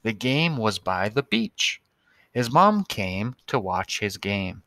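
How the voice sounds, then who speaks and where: A man's voice: fairly low pitch, very animated, slow pace, sharp tone, no echo. A male teacher giving a recorded lesson to young students, patient and spelling out words one by one.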